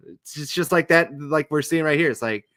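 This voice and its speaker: A man's voice: fairly high pitch, moderate pace, fairly bright tone, dry recording, clean studio sound. A man co-hosting a podcast, chatting casually and rambling with many filler words while watching a documentary. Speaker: podcast co-host.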